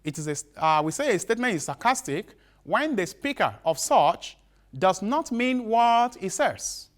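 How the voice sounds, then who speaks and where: A male teacher giving a broadcast literature lesson, repeating each definition slowly with halting restarts. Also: high-pitched, very animated.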